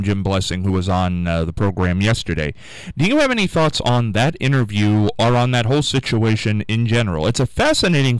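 A man hosting a call-in radio talk show, musing out loud in a rambling way and repeating the phone number for callers. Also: fairly low pitch, clear, resonant tone, no echo, low-quality recording.

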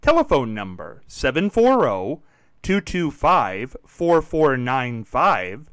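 A man's voice: medium pitch, big pitch swings, slow, a bit bright, smooth, no echo, rough recording. A man reading upbeat promotional announcements for a local radio station.

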